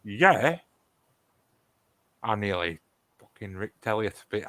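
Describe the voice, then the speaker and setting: A man's voice: lowish voice, sing-song, takes it slowly, bright, forceful tone, dry recording. A man bantering in a casual chat, joking and swearing.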